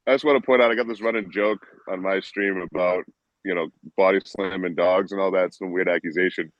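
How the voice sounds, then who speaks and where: Deep-voiced joking man on a stream. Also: fairly even intonation, a little fast, no echo, muffled recording. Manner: joking, easygoing. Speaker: guest, streamer. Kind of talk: casual livestream chat.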